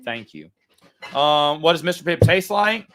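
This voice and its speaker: A man's voice: on the high side, expressive, measured pace, fairly bright tone, a little hiss or hum. A man hosting a casual livestream, answering viewer chats in a rambling way with frequent stammers and restarts.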